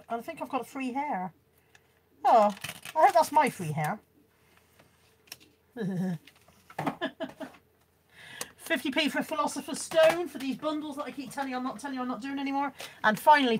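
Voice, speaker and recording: A woman's voice: fairly high pitch, slight background noise. A woman chatting casually on a live stream as she shows off a car boot haul and reads out viewers' comments, laughing often.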